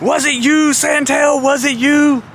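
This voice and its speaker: A man impersonating an indignant male wrestling boss who shouts his accusations in slow, drawn-out phrases. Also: extremely high pitch, steady tone, slight background noise, pitched above the performer's own voice. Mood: accusing.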